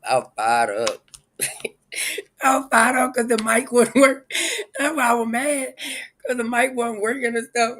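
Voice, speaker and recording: A man's voice: high voice, a bit bright, slight background noise, poor audio. A man hosting a casual live stream, rambling and chuckling as he talks straight to his viewers.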